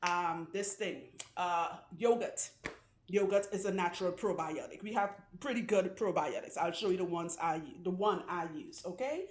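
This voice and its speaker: A chatty woman giving casual hair-care advice, her voice sitting a little low. She keeps checking in with her listeners as she talks. The room she records in is noticeably echoey. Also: moderate pace, slight background noise. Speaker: loctician.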